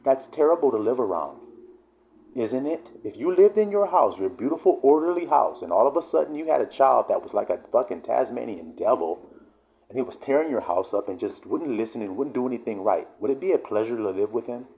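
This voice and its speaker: A man's voice: medium pitch, expressive, brisk, mellow. A man preaching in a fiery, emphatic, profanity-laced sermon style. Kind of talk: street-style sermon vlog.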